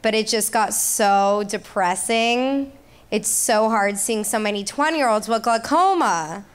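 A woman doing stand-up comedy, delivering deadpan one-liners. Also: medium pitch, measured pace. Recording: live club with audience noise.

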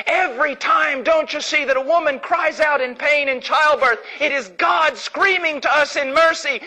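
Fervent, high-pitched preacher. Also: male voice, moderate pace, hardly any pauses, rough recording. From Illinois, United States. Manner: fervent, shouts and then drops low. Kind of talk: sermon.

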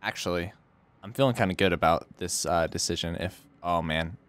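A man's voice: low voice, brisk, fairly bright tone. A man hosting a let's play with casual gameplay commentary, swearing and shifting into odd, playful inflections.

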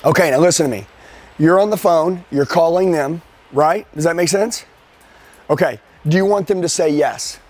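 Brief: man, sales trainer, high and punchy, pushes the room hard. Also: normal speed. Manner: energetic, emphatic, drills questions at the audience. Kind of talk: live sales training with role-play. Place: training seminar with a live audience.

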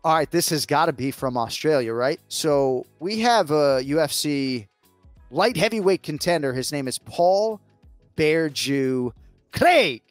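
An American man hosting a casual sports betting chat, chatty and self-mocking with quick asides. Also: fairly high pitch, expressive, no echo, faint music behind. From United States. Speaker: host.

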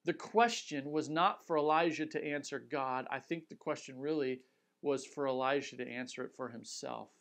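A male pastor preaching a sermon, talking straight to his listeners and dropping quiet for emphasis. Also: medium pitch, normal speed, vocal fry. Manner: earnest, direct address with dramatic quiet drops.

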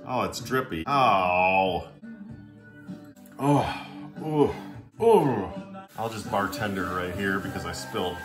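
A man's voice: sits low, expressive, slow, long pauses, music in the background. Chatty, joking male vlogger. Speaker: vlogger testing drinks on a breathalyzer. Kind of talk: casual on-camera vlog.

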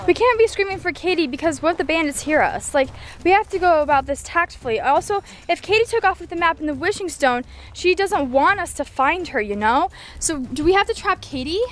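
A woman's voice: very high voice, lively intonation, brisk, a little hiss or hum. A woman hosting an acted family adventure vlog outdoors on a hiking trail, chatty and breathless, building suspense for the camera. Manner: chatty and breathless, lots of "like" and restarts, playing up suspense.

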